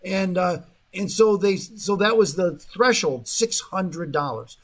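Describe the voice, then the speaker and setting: A man's voice: sits high, slow, fairly bright tone. A man hosting a talk radio show, rambling in a casual monologue full of fillers and restarts, sometimes mocking the voices of the people he quotes, in a radio studio.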